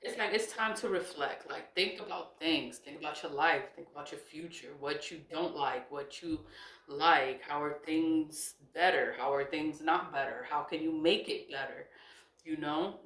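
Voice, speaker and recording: Woman, low-pitched, chatty and repetitive, laughs often, echoey room. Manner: chatty and rambling, repeats herself, laughs often. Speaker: spiritual vlogger. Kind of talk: casual chat reading out questions. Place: indoor room at a laptop.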